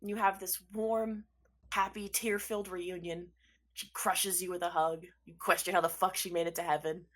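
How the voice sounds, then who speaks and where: A woman's voice: fairly low pitch, little pitch movement, moderate pace, fairly bright tone. A woman runs a tabletop game as game master, narrating scenes in a casual, loose way. She breaks off with laughing asides and the occasional swear word.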